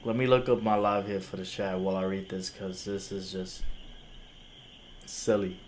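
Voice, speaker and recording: A young man, Spanish his first language, reviews music live and disputes a critic's take in casual slang, sounding incredulous and argumentative. The voice is low-pitched and steady at normal speed, with a little hiss or hum.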